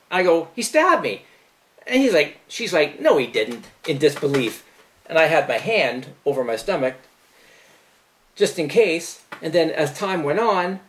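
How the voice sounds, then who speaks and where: A middle-aged man vlogging, casually retelling a personal story in a profane, incredulous way. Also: fairly high pitch.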